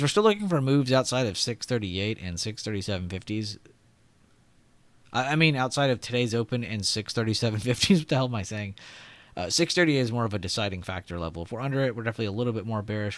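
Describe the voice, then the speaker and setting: This livestream trading host is a young man whose lowish, animated voice moves at a quick pace with no room sound. He's chatty, reading viewer comments aloud and laughing often.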